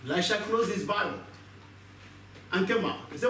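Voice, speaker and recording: A man's voice: sits high, normal speed, a little hiss or hum. A man pastor preaching a sermon, acting out voices and asking the congregation questions. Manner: animated, acts out voices, asks the congregation questions. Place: church hall. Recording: echoey church hall, mic far off.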